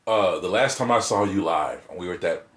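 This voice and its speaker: Deep-voiced man telling stories in a roomy space. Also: a little fast. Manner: animated storyteller who acts out rhythms and quotes. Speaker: guest poet. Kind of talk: casual interview chat. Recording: roomy echo.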